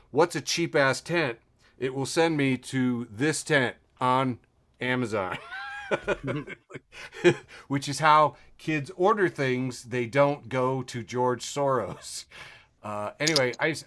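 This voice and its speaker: A man's voice: medium pitch, a bit bright. A man hosting a podcast who runs through news items in a rambling, sardonic way, swearing freely and chuckling often over a video call. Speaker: podcast host. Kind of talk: casual news-and-memes chat.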